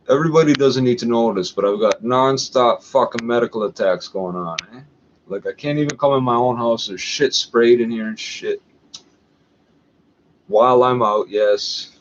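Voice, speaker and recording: A Canadian man thinks aloud in a loose, profane ramble, reading bits of a catalog out loud between asides. His voice sits in a middle pitch. The recording is slightly dull, with a faint hiss behind it. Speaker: vlogger. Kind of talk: rambling coin-collecting vlog. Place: at home.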